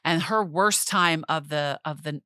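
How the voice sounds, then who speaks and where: A woman's voice: sits low, measured pace, bright, forceful tone, no room sound, studio quality. A woman in her fifties co-hosting a podcast in casual chat, laughing often and finishing her husband's sentences. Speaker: podcast co-host.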